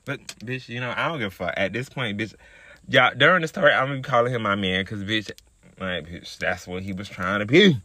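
Sassy profane man with a bright voice. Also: fairly low pitch, a little fast, dry recording, clean studio sound. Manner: sassy, profane, chatty, calls listeners girl. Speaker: podcast host. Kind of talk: casual storytelling monologue.

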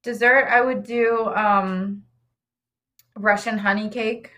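A woman's voice: mid-range voice, steady tone, takes it slowly, pushed and bright. A woman in casual conversation about food, talking with enthusiasm and plenty of fillers. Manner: chatty, enthusiastic, lots of fillers. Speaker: guest. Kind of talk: casual chat.

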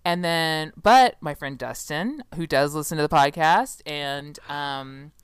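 A woman's voice: low voice, slow pace, clear, resonant tone, no echo. A woman co-hosting a podcast in casual chat, chatty and sarcastic, rambling and laughing often. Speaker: podcast co-host.

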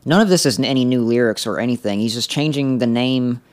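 This man hosts a comedy podcast in an easy, casual way. He laughs a lot and stumbles through filler words as he talks, and his voice sits at an ordinary middle pitch for a man. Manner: laughs often, halting with fillers. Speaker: podcast host.

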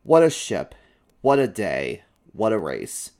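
A plucky little mouse sailor speaks up eagerly and politely, his voice lifted and lively, as a male storyteller puts him on. The pitch bounces widely over a low base. It is a storybook character read aloud for children. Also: slow, heavily acted. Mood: joyful. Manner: bright, eager, raised voice.

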